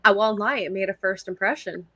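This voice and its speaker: A woman's voice: medium pitch, fairly quick, fairly bright tone, no room sound. A woman co-hosting a casual reaction chat, playful and giggly with enthusiastic asides. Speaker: co-host.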